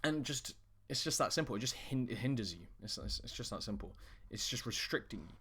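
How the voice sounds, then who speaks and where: A man's voice: mid-range voice, animated, fairly quick, fairly bright tone, breathy edge. Man, dating coach, blunt, swears a lot, trips over his words. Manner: blunt, swears often, frequent restarts. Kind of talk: casual direct-to-camera advice.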